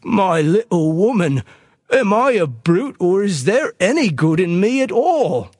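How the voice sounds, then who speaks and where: A man's voice: high voice, very animated, unhurried, a little mellow, no echo, clean studio sound, pitched above the performer's own voice, exaggerated voice. A man voicing a small, aging, remorseful husband in a read-aloud story, pleading and penitent.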